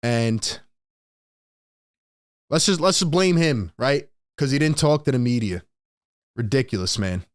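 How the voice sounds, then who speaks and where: A man's voice: medium pitch, animated, a little slow, pauses often, no room sound. A man hosting a live postgame fan show, ranting in frustration and reading out viewers' chat comments. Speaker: sports podcast host.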